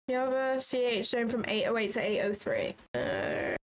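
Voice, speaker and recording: A woman's voice: fairly high pitch, steady tone, brisk. A young British woman hosting a casual livestream, joking and bantering with her chat and cursing now and then. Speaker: livestream trading host.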